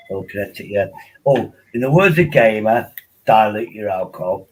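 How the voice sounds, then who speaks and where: A man's voice: lowish voice, animated, normal speed, a little hiss or hum, rough recording. A man hosting a casual livestream, rambling and joking while tipsy on wine, often repeating himself. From England. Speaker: livestream host.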